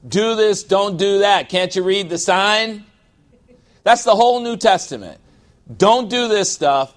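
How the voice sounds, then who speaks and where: Man, pastor, sermon, conversational preaching, slightly higher voice, asks for amens. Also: unhurried.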